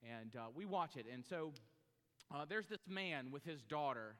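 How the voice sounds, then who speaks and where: A man with a high, bright voice preaches a sermon as pastor, pausing to explain what words mean and checking in with his listeners. His voice rings out with a long reverb, as if recorded in a large church hall. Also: animated. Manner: explanatory, teaching word meanings with asides to the congregation.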